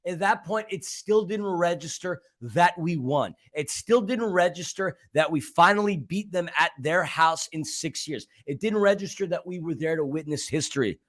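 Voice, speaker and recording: A man's voice: on the high side, moderate pace, hardly any pauses, fairly bright tone. A man co-hosting a fan podcast, retelling the match in an emphatic, dramatic way with joking asides. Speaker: podcast co-host.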